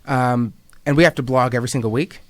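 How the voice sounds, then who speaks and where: A man's voice: mid-range voice, fast talker, no echo. Young man reading his essay wryly. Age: 20s. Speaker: student writer reading his work. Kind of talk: reading personal essays aloud.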